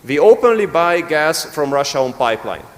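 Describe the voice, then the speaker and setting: A man, answering on a conference panel in a firm, rhetorical, deliberate way. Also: on the high side, very animated. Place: conference hall. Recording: long reverb in a conference hall.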